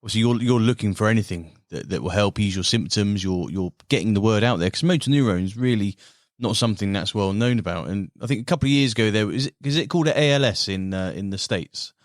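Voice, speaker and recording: A man's voice: lowish voice, fast, no room sound, studio quality. A man hosting an interview, asking sympathetic, leading questions. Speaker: podcast host. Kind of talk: interview conversation.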